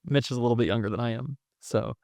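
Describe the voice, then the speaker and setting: A man who is a pastor chats in a loose, joking way. His voice has a gravelly edge. The sound is dry and close. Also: mid-range voice, fast, a little mellow, dry recording. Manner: playful, joking. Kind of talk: casual conversation.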